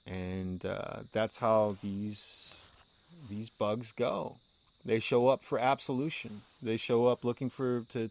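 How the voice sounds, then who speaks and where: A man's voice: medium pitch, darkish tone. Man, podcast host, casual musing commentary, frequent chuckles, reads passages aloud, outdoors on a porch. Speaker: podcast host reading and explaining an occult text.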